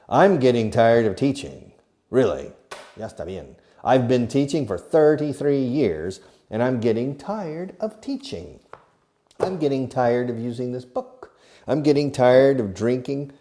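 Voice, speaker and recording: A man's voice: lowish voice, dark tone. A middle-aged man teaching an English lesson to a camera, asking himself questions and answering them playfully. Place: classroom filmed for video. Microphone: camera operated by an assistant.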